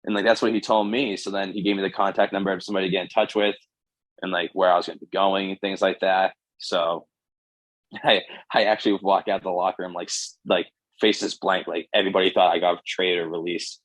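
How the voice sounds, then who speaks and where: A young man in his twenties, a guest pitcher, telling stories casually and animatedly with lots of "like". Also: fairly quick, no echo, rough recording. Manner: animated, fills speech with "like". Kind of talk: casual storytelling.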